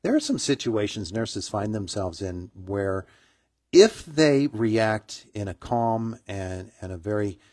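A middle-aged man hosting a morning radio interview, talking in a halting way full of fillers and restarts. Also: lowish voice, big pitch swings, darkish tone, dry recording, clean studio sound. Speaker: radio morning show host.

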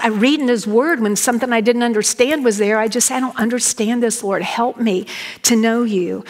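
A woman gives a sermon in a slightly high voice, folksy and emphatic as she speaks directly to the congregation. Her voice rings out with a long reverb across a large hall. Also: fairly bright tone. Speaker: Bible teacher, guest speaker.

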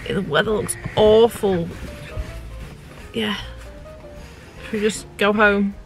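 A woman's voice: medium pitch, fairly even intonation, slow, soft background music. Chatty British woman vlogging at home. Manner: chatty, talking straight to viewers. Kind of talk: casual home vlog.

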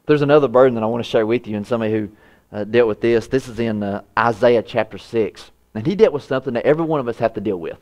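A man preaching a sermon, voice rising high when he acts out prayers and dropping low and soft for quiet lines. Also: fast talker, dull audio. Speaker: pastor.

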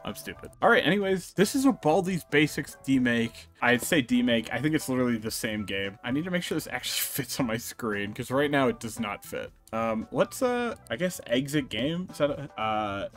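Young man, gaming commentary, jokey, excitable, faint music behind. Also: mid-range voice, moderate pace, few pauses. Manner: excitable, jokey, squeals when startled. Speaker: gaming YouTuber. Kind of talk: let's play commentary.

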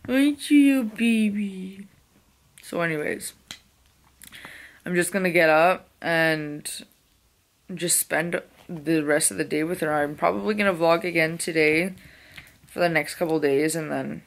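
A young woman vlogging casually about her day, chatting to the camera and cooing at her puppy. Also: gravelly. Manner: baby talk to a puppy, high squeals. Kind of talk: casual vlog chat.

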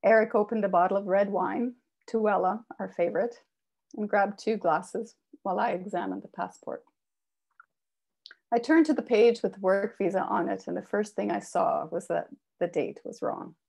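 A woman author reading a personal memoir aloud with expressive delivery. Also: medium pitch, moderate pace, vocal fry. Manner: expressive reading, raises voice for quoted shouts. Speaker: author reading her work.

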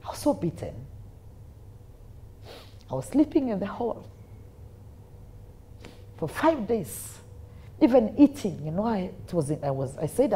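A woman with a Kenyan accent tells her faith story as an interview guest. Her pitch sits in the middle and swings widely as she builds the drama. She slips Swahili phrases into her telling. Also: sing-song, a little slow, long pauses, mellow, slight background noise. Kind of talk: personal faith testimony in an interview.

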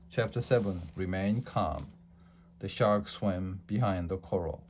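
A man reading a children's storybook aloud in a slow, deliberate way, with small slips. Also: sits low, darkish tone, a little hiss or hum. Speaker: storybook reader.

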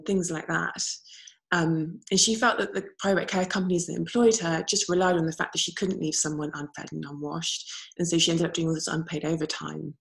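Earnest woman panellist, gravelly low voice. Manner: earnest, storytelling. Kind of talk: panel talk.

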